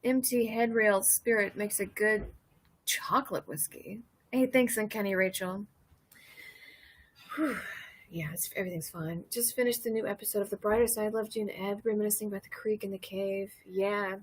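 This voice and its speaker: Breathy woman, thirties, loose chatty livestream host, giggly storyteller. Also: mid-range voice, fairly even intonation, normal speed. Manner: rambling, laughing storyteller reading chat. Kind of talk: casual drinking livestream chat.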